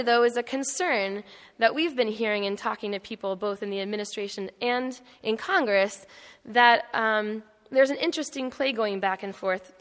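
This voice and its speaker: Bright-voiced woman speaking in a hall. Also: on the high side. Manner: conversational, storytelling with frequent fillers and restarts. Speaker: panel speaker. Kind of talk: public talk at an event. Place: indoor hall. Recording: long hall reverb.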